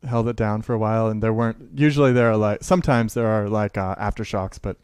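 A man from the Seattle area who works as a teacher and maker, chatting casually in an interview, telling lively stories that he acts out, with frequent laughter. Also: fairly low pitch, fast, clear, resonant tone, no echo, clean studio sound. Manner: animated storyteller, laughs often, acts out quotes.

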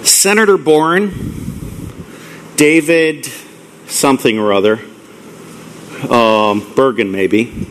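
A middle-aged man giving a live lecture to an audience, blunt and profane, ranting excitedly. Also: medium pitch, slow, long pauses, a little hiss or hum. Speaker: conference speaker.

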